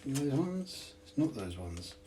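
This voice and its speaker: A man's voice: medium pitch, very animated, normal speed, mellow, a little hiss or hum. A man from the UK hosting a hobby channel, chatting casually with viewers while unboxing parts, self-deprecating and laughing often.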